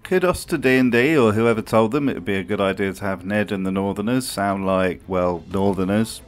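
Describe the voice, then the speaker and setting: Dry, sardonic man, low voice. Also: fairly quick, soft background music. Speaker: video essay host. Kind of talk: comedic commentary.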